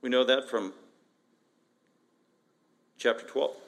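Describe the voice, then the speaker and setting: A man preaching an expository sermon as pastor, emphatic and animated, repeating phrases and asking rhetorical questions. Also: mid-range voice, takes it slowly, gravelly. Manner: emphatic, animated, with frequent repetition.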